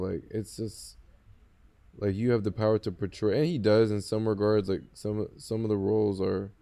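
A man's voice: lowish voice, dark tone. A man in a casual podcast conversation, talking hesitantly with many restarts.

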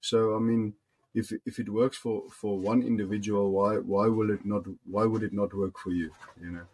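A man hosting a podcast, speaking in a relaxed, encouraging way and giving advice. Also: lowish voice, moderate pace, husky, rough recording. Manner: relaxed, affirming, gives advice. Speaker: podcast host. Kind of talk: casual interview chat.

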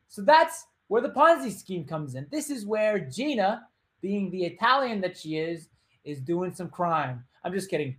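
A man's voice: sits high, big pitch swings, fairly bright tone. A man hosting his own show, casually retelling a true crime story with joking asides and loose, rambling phrasing. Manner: chatty, loose, with joking asides and quick put-on voices. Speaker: podcast host.

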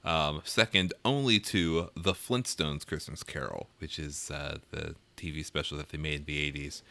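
A man co-hosting a casual movie chat in a low, bright, forceful voice. He sounds jokey and enthusiastic. The sound is dry and close. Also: fairly even intonation, moderate pace, vocal fry, no room sound. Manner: jokey and enthusiastic, laughs between remarks. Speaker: podcast co-host.

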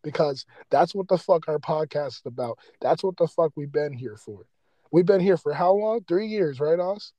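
A man's voice: fairly high pitch, animated, moderate pace, dark tone, no room sound, low-quality recording. A man hosting a podcast, ranting with heavy profanity and raw emotion in a rambling, casual way. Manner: impassioned, heavily profane, rambling. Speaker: podcast host.

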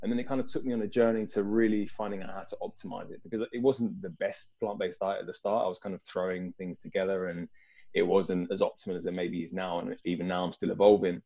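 Thoughtful London man, mellow low voice, speaking as a guest on a video call. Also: steady tone, quick pace, gravelly. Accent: London English. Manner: reflective, earnest, thinks aloud. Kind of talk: casual video-call conversation.

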